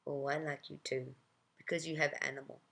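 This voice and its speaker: A narrator putting on an elderly Russian woman with a gravelly, smoke-roughened voice, cooing and blunt in broken English. She is doting and a little mischievous in this spoken story. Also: low-pitched, flat delivery, brisk, a bit bright. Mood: confiding. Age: older. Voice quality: smoke-laden voice.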